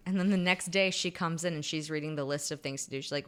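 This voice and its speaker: A woman's voice: low-pitched, fast talker, smooth. A young woman co-hosting a podcast, animatedly retelling a romance novel's plot and acting out the characters' lines in casual chat.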